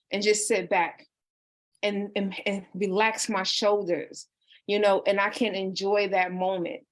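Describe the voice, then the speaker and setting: A woman in her thirties, a life coach, talking casually and earnestly on a livestream, reading out viewer comments. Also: mid-range voice. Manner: earnest and personal, with many restarts and "you know". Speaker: life coach hosting a book discussion.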